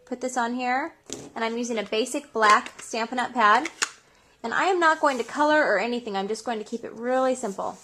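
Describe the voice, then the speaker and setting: A woman's voice: fairly high pitch, brisk, background noise. A woman hosting a craft tutorial, explaining each step as she goes. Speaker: craft show host.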